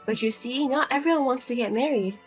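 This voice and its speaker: A woman's voice: high voice, a little fast, husky, faint music behind. A woman voicing Lizzie, a cold, blunt daughter. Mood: firm. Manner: flat, firm, cold and blunt. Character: Lizzie, grown daughter, cool, blunt, fed up. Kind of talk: narrated drama story.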